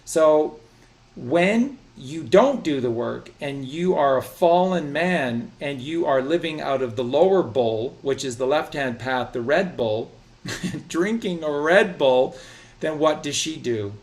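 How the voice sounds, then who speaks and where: Guy rambling preachy about bible stuff, animated, kinda higher voice. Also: takes it slowly. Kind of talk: casual religious discussion.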